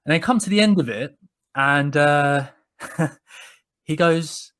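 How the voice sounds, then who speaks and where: A man, co-hosting a podcast and telling stories in casual chat, with frequent restarts and animated retelling. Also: fairly high pitch, slow, smooth. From England. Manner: rambling, many restarts, animated when quoting people. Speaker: podcast co-host. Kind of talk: casual conversational storytelling.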